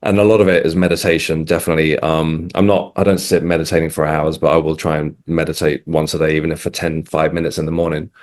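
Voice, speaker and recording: A man with a very deep, low-pitched voice, speaking as an interview guest in an easy conversational way. He is middle-aged and from England. He pauses often, restarts sentences and fills gaps with "um" as he works through a long personal account. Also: level tone, a little mellow. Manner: hesitant, restarts, many ums. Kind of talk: casual interview storytelling.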